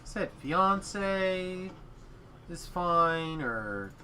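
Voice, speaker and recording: A man's voice: on the high side, lively intonation, drawn-out words, bright, forceful tone, a little hiss or hum. A man in casual chat, teasing his friend with dry banter.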